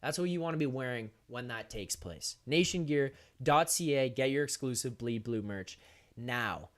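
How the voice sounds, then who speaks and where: A young man hosting a live sports stream, talking fast and animated straight to his viewers, often laughing. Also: medium pitch. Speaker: host of a hockey post-game live stream. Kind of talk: energetic live-stream chat.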